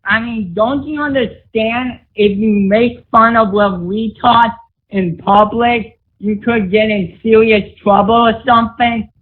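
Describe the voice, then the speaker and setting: A woman's voice: a little high, fairly even intonation, takes it slowly, breathy edge. A woman calling in to a radio show, speaking in a reproachful tone. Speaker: caller. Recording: tinny phone line.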